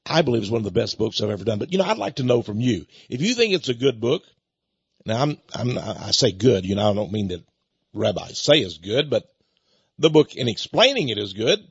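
A man's voice: medium pitch, big pitch swings, a little fast, creaky, slightly rough, no echo, dull audio. An older man hosting a talk radio show, rambling in a folksy way with chuckling asides. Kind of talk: talk radio monologue with book pitch.

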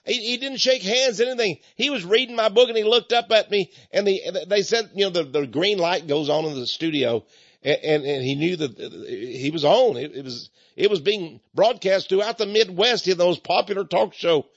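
A folksy male evangelist, an author and Christian speaker, preaches in a chuckling storyteller's manner while pitching his book. His husky, slightly high voice moves at a moderate pace with many stammered restarts. The dull lo-fi recording is dry.

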